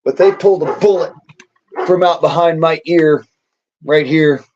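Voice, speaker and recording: With a fairly high but darkish voice and a measured pace, this male vlogger boasts defiantly in a profane, angry rant to camera. The audio is dull and lo-fi.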